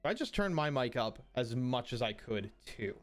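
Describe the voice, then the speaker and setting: A man streams live in casual chat, thinking aloud as he works, swearing offhandedly and apologizing often. His mid-range voice swings widely in pitch at a moderate pace, over faint music. He's using a streaming mic run through an audio mixer.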